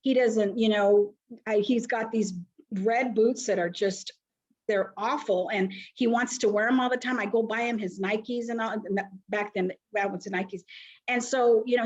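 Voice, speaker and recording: A woman's voice: on the high side, normal speed, dull audio. Middle-aged woman telling a story. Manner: animated storyteller, acts out quoted voices. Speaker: foster agency founder and social worker. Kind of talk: storytelling interview.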